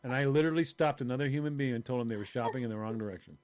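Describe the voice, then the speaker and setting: An older man co-hosts a casual podcast over a video call, animatedly telling funny stories and acting out the voices of the people in them. He speaks very fast at medium pitch, with no room sound.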